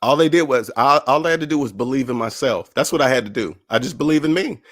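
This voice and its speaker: Here a man with a mid-range voice talks fast on the personal finance channel he hosts. It's casual, motivational talk, delivered animatedly, with him acting out others' voices whenever he quotes them in a story.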